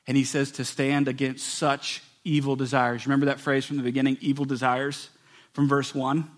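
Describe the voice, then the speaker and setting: A man preaching a sermon as pastor, swinging between loud emphatic passages and soft, hushed ones. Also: medium pitch, level tone, moderate pace.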